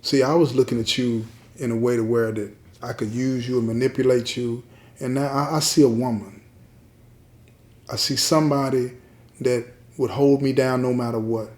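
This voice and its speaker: A man voicing a young male inmate who speaks in a quiet, guarded way. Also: mid-range voice, fairly even intonation, moderate pace, lightly acted. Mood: reflective. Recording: roomy echo.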